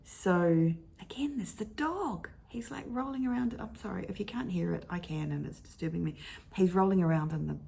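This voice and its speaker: A woman's voice: lowish voice, moderate pace, gravelly, mellow, husky. A middle-aged woman chatting casually at home, rambling and often stopping to correct herself. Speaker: vlogger talking about favorite books. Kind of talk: casual chat. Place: at home at her computer with her dog.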